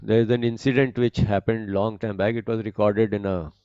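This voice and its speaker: A man's voice: on the low side, flat delivery, mellow, smooth, no room sound. Man teaching scripture, dull dry recording. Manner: deliberate, explanatory, repeats and rephrases points. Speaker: spiritual teacher. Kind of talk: discourse on scripture.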